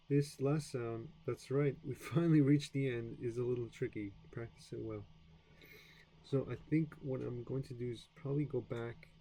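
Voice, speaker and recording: A man's voice: medium pitch, mellow, a little hiss or hum, rough recording. A man learning a language on camera, reading from a textbook and joking about his own stumbling attempts. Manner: self-deprecating, stumbling through attempts, laughs at himself. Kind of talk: reading a textbook aloud and chatting. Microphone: camera mic.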